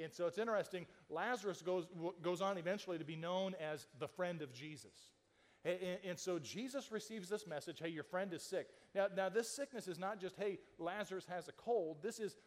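Pastor preaching in a reverberant hall. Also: male voice, on the high side. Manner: conversational storytelling, acting out quoted lines, with frequent restarts. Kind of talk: sermon.

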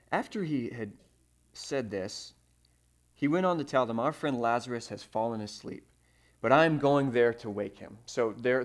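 A man preaching a sermon, telling stories with fillers and sudden swings in loudness. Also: on the low side, vocal fry. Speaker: pastor.

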